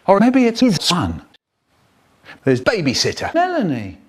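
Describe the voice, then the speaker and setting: An older man telling a story in a spliced reading, animated and bursting into sound effects. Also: a little high.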